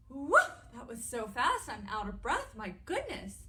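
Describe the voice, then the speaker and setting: A young adult woman hosting a children's story time, animated and playful as she talks to the kids. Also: sits high, normal speed, hardly any pauses, noisy background.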